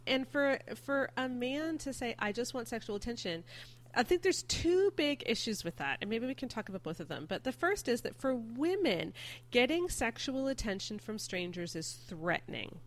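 A woman's voice: fairly high pitch, very animated, moderate pace. Woman hosting a discussion podcast. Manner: earnest, reads listener comments aloud. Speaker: host.

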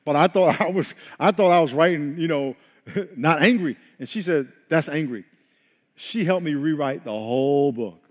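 A man's voice: on the high side, expressive, moderate pace. Emphatic male pastor in a reverberant hall. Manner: emphatic, repeats words for stress. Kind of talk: sermon.

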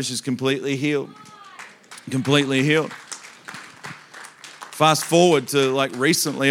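A man preaching to a church congregation, telling animated stories that he acts out with loud bursts of emphasis. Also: medium pitch, smooth. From Australia. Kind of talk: storytelling sermon.

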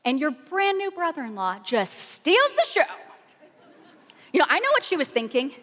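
A woman pastor preaching with an animated, excited, chatty way of telling funny stories from the pulpit. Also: high-pitched, normal speed, a faint crowd. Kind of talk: humorous sermon storytelling. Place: large church auditorium. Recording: long reverb of a large hall.

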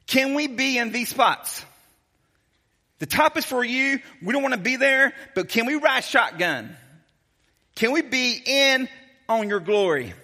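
Guy doing a fawning excited disciple, high and bright, big echoey hall. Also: a little slow, pauses often, heavily acted. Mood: pleading. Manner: gushing, wheedling, excited. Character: eager fawning male disciples begging favors.

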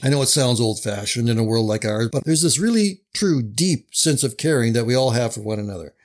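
A man's voice: medium pitch, expressive, fairly quick, close to an everyday voice. Sly playful pastor guy, read by a man, easygoing, medium voice.

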